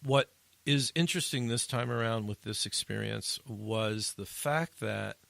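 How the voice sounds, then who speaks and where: Man, podcast host, animated storyteller, bright tense voice, dry close sound. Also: unhurried, vocal fry, no room sound. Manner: animated storyteller, rises high when telling funny parts. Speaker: addiction interventionist, podcast host. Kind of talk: casual storytelling chat.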